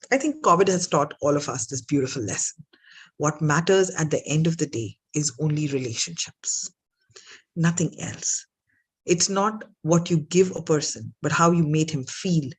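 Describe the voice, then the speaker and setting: A woman's voice: low-pitched, breathy edge. A woman telling motivational stories in an earnest, reflective way. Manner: earnest, reflective, acts out the voices of her characters. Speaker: storyteller. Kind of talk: motivational storytelling talk.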